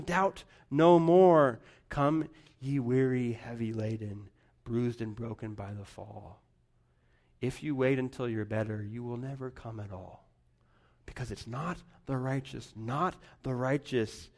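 A man preaching a sermon, rising to loud emphatic lines and dropping to near-whispers. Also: a little high. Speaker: pastor.

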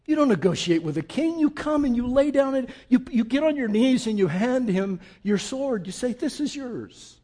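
A man preaching a sermon with emphasis, who asks the congregation questions and moves between loud and hushed passages. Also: very high-pitched, lively intonation, normal speed, hardly any pauses. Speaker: pastor.

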